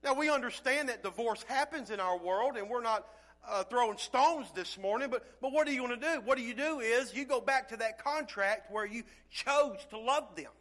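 A man preaching from the pulpit in a high, bright voice. His phrasing is folksy and plain-spoken. He rises to loud, fervent calls, then drops to low, quiet stretches. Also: moderate pace. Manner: swings from loud preaching to near-murmur. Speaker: pastor. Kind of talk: sermon.

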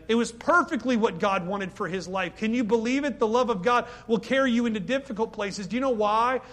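A middle-aged man preaching a sermon, talking to the congregation with many rhetorical questions and sudden loud, pleading outbursts. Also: high voice.

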